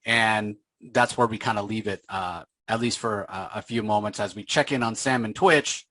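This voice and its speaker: Casual comic podcast host, male, low-ish voice, dry close recording, animated recapper. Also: no echo. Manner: animated retelling, acting out characters' lines in quick voices. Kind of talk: casual comic book discussion.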